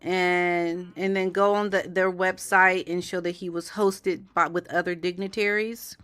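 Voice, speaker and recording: Slow, chatty woman livestream host. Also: on the low side, little pitch movement, a bit bright, clean tone. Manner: chatty, talks to viewers in chat, keeps asking "okay?". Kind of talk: casual commentary livestream.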